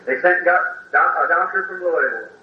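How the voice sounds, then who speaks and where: A man preaches a heartfelt sermon testimony in plain country speech, his voice pitched a little high. He sits back from the microphone in a hall that echoes around him, and the old recording sounds dull. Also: fast, distant mic. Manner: emotional folksy storytelling, plain country grammar.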